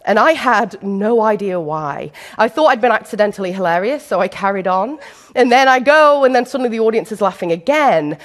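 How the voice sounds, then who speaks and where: A woman's voice: mid-range voice, lively intonation, fairly quick. A woman giving a conference keynote as a leadership trainer, telling stories with self-deprecating humour and putting questions to the audience. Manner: addresses the audience directly with questions. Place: conference stage before a live audience.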